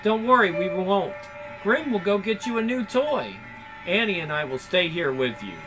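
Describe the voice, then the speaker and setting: A man's voice: high-pitched, sing-song, normal speed, poor audio. A man voicing a jittery, stammering young woman. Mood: nervous. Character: timid, nervous young woman companion. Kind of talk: video game voice-over. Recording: music playing behind.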